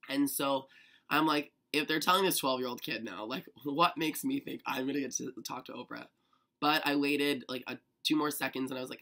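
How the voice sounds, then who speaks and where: A young man telling a story to camera in a chatty, excitable vlog manner, full of "like". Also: mid-range voice, brisk, vocal fry. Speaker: vlogger.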